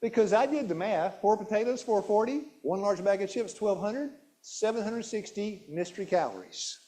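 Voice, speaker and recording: A warm, high-sitting male voice, animated and at normal speed, leads a nutrition talk in a church hall. The health seminar presenter fires questions at the audience, repeats key words, and keeps restarting his sentences.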